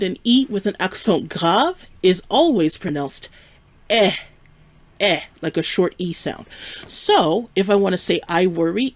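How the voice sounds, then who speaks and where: A woman teaching a live French lesson, explaining clearly and patiently and slowing down to model each French word. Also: fairly low pitch, a little mellow, dry recording. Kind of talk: live-streamed language lesson.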